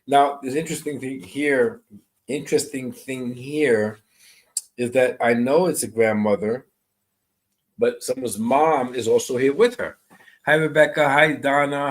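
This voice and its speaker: A man with a medium-pitched voice works as a medium on a live stream, greeting viewers by name. He describes spirit messages in a soft, reassuring way, and the recording quality is low.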